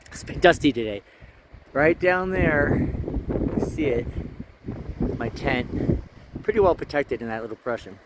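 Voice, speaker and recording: Against very noisy surroundings, a fairly high-pitched man with lively intonation speaks a little slowly, with long pauses. He's an Alaskan hiker narrating a casual vlog at a mountain campsite, tired, chatty, and rambling into his handheld camera, often breaking off mid-thought.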